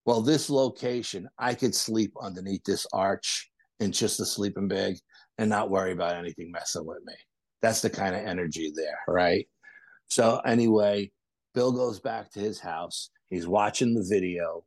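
Man, podcast guest, deep voice, lively storytelling, dry close sound. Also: normal speed, dry recording. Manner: animated anecdotes with acted-out quotes. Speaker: podcast guest, paranormal investigator. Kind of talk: casual storytelling interview.

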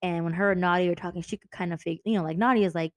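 Woman, podcast co-host, lower voice, dry close sound, animated retelling. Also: rapid-fire, no echo. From Texas. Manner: animated, laughing, acts out book characters. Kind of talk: casual book chat.

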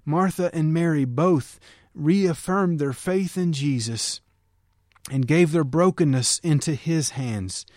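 A pastor preaching a sermon in an earnest, encouraging way, sometimes acting out pleading prayers. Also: male voice, a little high, a little mellow, no echo, studio quality.

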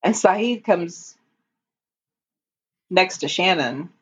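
A woman's voice: on the low side, animated, extremely slow. A woman in casual chat, recapping a TV episode. She is chatty, laughs often and reads out lines in passing. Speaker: podcast co-host recapping a TV episode.

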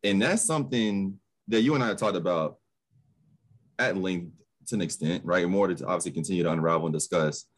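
A man in his thirties from Ohio hosting a podcast, relaxed and slangy, asking questions and swearing casually. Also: low-pitched, brisk. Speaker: podcast host.

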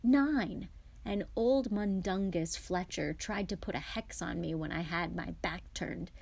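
A woman's voice: fairly low pitch, unhurried, vocal fry. A woman voicing a tired, kindly, balding father in a storybook reading, talking in a weary mumble.

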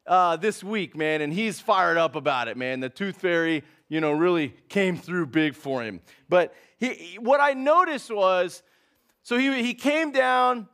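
Pastor, male, high-pitched, easygoing sermon full of "man" and "dude". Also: fairly bright tone. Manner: casual and conversational, says man and dude.

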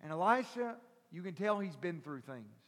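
A male pastor preaching a sermon, telling a story animatedly and acting out the characters before building to loud preaching. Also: sits high, big pitch swings, moderate pace. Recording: long hall reverb.

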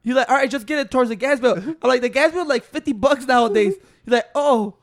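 A man with a very high speaking voice co-hosts a casual podcast. He tells animated stories, acting out what others said, swearing freely and laughing as he talks. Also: fast. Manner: animated storyteller, acts out quotes, laughs often, swears. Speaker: podcast co-host. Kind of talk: casual chat.

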